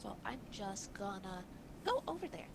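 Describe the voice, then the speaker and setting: A woman with a gravelly, mid-range voice and big pitch swings speaks at normal speed against a noisy background. As a player in a casual tabletop game, she reads her rules aloud hesitantly.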